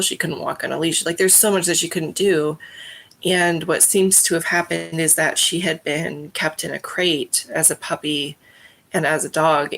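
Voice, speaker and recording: A woman's voice: low-pitched, vocal fry, a bit bright. A woman in her thirties hosting a live stream, chatting casually in a rambling, heartfelt way with many fillers. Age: 30s. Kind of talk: casual chat.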